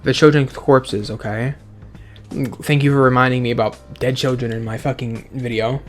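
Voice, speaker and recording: A man's voice: medium pitch, steady tone, normal speed. A man giving casual, sarcastic commentary with frequent swearing as he reacts aloud to a game's dialogue. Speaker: let's play gamer. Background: faint game music.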